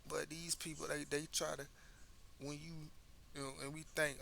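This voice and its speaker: An American man hosts a casual commentary monologue, pressing his points emphatically and stumbling over repeated words. His voice has a gravelly, creaky edge and a bright, forward tone. A faint hiss of background noise sits under the recording. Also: a little high, little pitch movement, normal speed. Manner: conversational, emphatic, repeats words when restarting. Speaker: commentary host.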